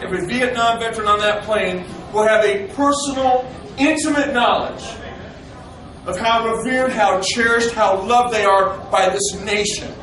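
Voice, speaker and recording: High-voiced middle-aged man telling stories. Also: slight background noise, rough recording. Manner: animated, acts out quoted dialogue. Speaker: speaker addressing veterans. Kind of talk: storytelling speech to an audience.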